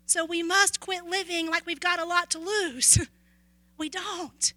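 Earnest, bright-voiced woman preacher. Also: very high-pitched, steady tone, unhurried, no echo. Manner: earnest storytelling, dropping to a hush at key moments. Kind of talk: sermon with personal stories.

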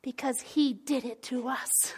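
A woman giving a conversational sermon in an animated way, often dropping to a soft near-whisper. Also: sits high, unhurried, husky. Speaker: speaker.

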